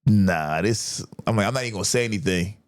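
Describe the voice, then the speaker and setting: A young man hosting a casual chat, telling a story animatedly and jumping high to act out his friends. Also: rapid-fire. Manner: animated, acts out friends' voices in a high pitch. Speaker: podcast host.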